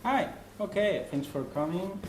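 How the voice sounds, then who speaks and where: A man's voice: sits high, expressive, measured pace. A man with a Spanish accent, speaking English as a second language, giving an informal talk at a meetup with many fillers and restarts. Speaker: guest speaker. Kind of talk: presentation talk. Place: meetup room. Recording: roomy echo, faint noise.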